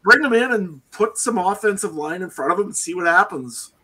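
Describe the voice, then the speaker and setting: A man's voice: high voice, animated, a little fast, crowd noise. A man co-hosting a sports podcast, giving opinions on players with frequent "I mean" hedges. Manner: opinionated, hedging with "I mean" and "to be honest". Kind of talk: casual sports chat.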